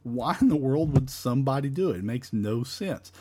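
A man's voice: medium pitch, expressive, normal speed, dark tone, husky. A man teaching a verse-by-verse Bible study in an emphatic, repetitive, conversational way.

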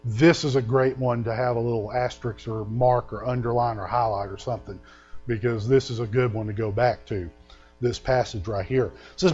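A man preaching a sermon, telling stories and reading scripture with loud emphasis. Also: mid-range voice, normal speed, dull audio, soft background music. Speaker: pastor.

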